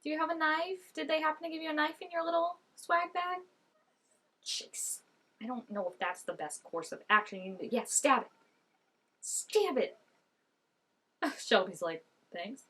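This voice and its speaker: A woman's voice: high-pitched, lively intonation, moderate pace, bright, forceful tone. A woman chatting and giggling through a TV episode, talking back to the characters on screen. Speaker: vlogger reacting to a TV episode. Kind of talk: casual reaction commentary.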